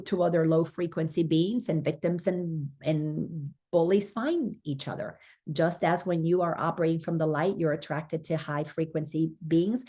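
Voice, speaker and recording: Husky low-voiced woman teaching spirituality. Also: a little mellow. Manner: earnest, encouraging, with restarts. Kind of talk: spiritual lesson commentary.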